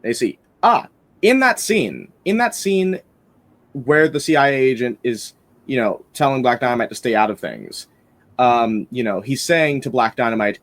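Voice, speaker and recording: A man's voice: medium pitch, expressive, normal speed. A man hosting a casual film-review podcast, rambling enthusiastically with lots of fillers and restarts.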